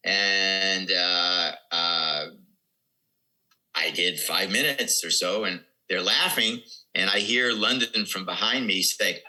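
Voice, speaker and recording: A man's voice: low-pitched, takes it slowly, sharp tone, low-quality recording. A man in his seventies, a comedian guest telling rambling anecdotes in casual podcast talk. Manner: rambling anecdotes with quoted dialogue.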